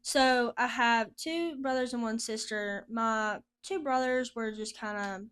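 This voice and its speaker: A woman with a fairly high voice tells her personal story as a podcast guest. She talks casually and chattily, leaning on lots of "like" and breaking into frequent laughs. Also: a little slow, a bit bright, clean tone. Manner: chatty, laughs often, heavy use of "like". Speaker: guest sharing a personal testimony.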